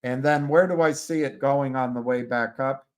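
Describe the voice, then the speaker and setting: A man hosting a live stream, giving halting, casual commentary on stock charts and talking to his viewers by name. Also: medium pitch, smooth. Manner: halting, restarts mid-phrase, talks to viewers by name.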